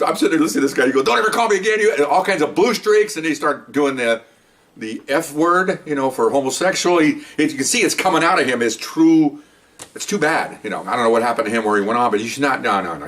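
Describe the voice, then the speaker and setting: A man's voice: medium pitch, fairly bright tone, recorded from a distance. A man in his sixties, a retired police officer casually telling a rambling anecdote with many restarts. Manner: chatty and rambling, with frequent restarts.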